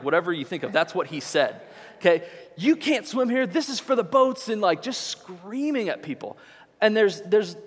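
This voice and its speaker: A man in his thirties preaching, telling a story animatedly and then dropping low to reflect. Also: fairly bright tone. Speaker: pastor. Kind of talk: sermon with storytelling. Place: church hall. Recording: church hall with long reverb.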